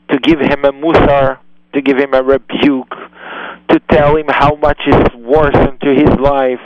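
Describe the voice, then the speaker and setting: A man's voice: fairly high pitch, clear, resonant tone, no echo, highs cut off. A man hosting a radio advice show, giving earnest, emphatic parenting guidance in slightly non-native English. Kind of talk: call-in advice talk.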